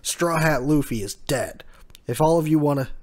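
A man's voice: fairly high pitch, normal speed, pitched above the performer's own voice, close to an everyday voice. A man reading out a brutal dragon pirate king. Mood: menacing.

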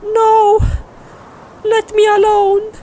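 A woman's voice: very high-pitched, completely flat delivery, drawn-out words, mellow, a little hiss or hum, exaggerated voice. An actress playing a distraught young girlfriend who wails melodramatically. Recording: very echoey hall with music behind.

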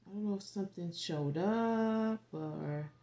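A woman giving a casual tarot forecast, rambling and animated, dropping to a whisper at times and swearing freely. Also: mid-range voice, measured pace. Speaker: tarot reader.

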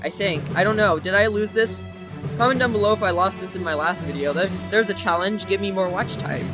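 A young gaming YouTuber speaks in a high, brisk voice while doing casual let's-play commentary from his home computer desk, using a desk microphone. He rambles and jokes at his own expense with nervous yelps for help, and faint game music plays in the background.

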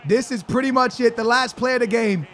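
A young man hosting a gaming video, talking through his match in slangy, rambling commentary and breaking into excited shouts on goals. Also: extremely high pitch, a little fast. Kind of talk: live gameplay commentary.

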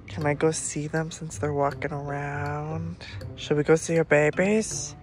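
A man's voice: on the high side, little pitch movement, unhurried, soft background music. A man hosting a casual home vlog, chatting playfully and cooing baby talk at his dogs by the pool. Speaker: vlogger host. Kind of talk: casual vlog chat with pets. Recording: noisy background with dog sounds. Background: dogs and puppies.

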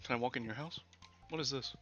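A man's voice: medium pitch, fast, pushed and bright. A man streaming a let's play, chatting and joking with his chat and swearing casually. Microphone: older desk mic. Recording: dull lo-fi mic. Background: faint game music.

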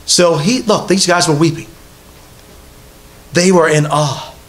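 Male preacher, high voice, conversational sermon delivery, congregation present. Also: steady tone, slow pace, a bit bright. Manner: conversational preaching with repeated rhetorical questions to the congregation. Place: church hall with a congregation.

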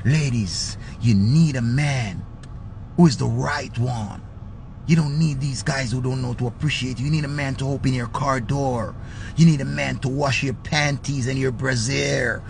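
A Jamaican man putting on the voice of a smooth-talking man who woos women with a slow, crooning pitch. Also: darkish tone, slight background noise, close to an everyday voice.

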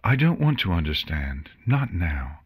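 A man's voice: low-pitched, very animated, a little slow, breathy edge, heavily acted. A man voicing a frightened, grieving young female unicorn who pleads tearfully in an audiobook reading. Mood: despairing.

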